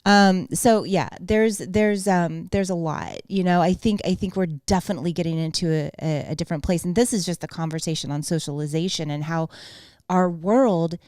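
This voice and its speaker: A woman's voice: on the low side, moderate pace, a little mellow, dry recording, studio quality. A woman in her forties hosting a podcast in casual chat, blunt and emphatic, with frequent swearing. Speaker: podcast host.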